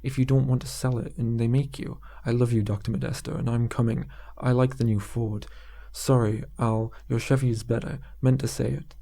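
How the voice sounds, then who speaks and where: A man's voice: mid-range voice, level tone, normal speed, creaky, warm tone. A man voicing a desperate young male insurance salesman who is breaking down, frantic and pleading. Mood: rambling.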